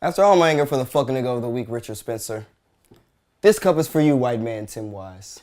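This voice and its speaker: A man rattles off a comedic rant at a rapid clip, profane and emphatic. His voice jumps into loud bursts of shouting before dropping back down. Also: medium pitch, expressive. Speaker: host.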